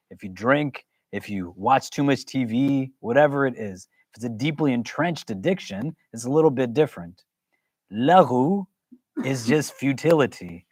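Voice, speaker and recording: A man's voice: medium pitch, no room sound. A man teaching a religious class, talking conversationally and often putting questions to the audience. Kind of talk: interactive religious lesson.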